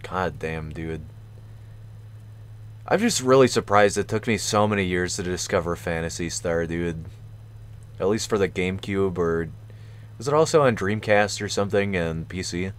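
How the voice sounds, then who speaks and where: A man's voice: deep voice, normal speed, smooth. A man streaming a video game and commenting casually, with profane, self-mocking jokes.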